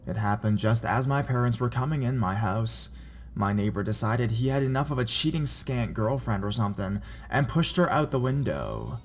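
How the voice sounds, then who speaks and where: A man reading reader-submitted scary stories aloud in a measured, even narration. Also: medium pitch. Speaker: horror story narrator.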